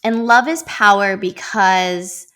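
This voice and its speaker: A woman's voice: mid-range voice, slow pace, sharp tone, smooth. A woman in her thirties hosting her own show, talking in a heartfelt, rambling way about being present, with many fillers. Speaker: podcast host. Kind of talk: reflective casual monologue.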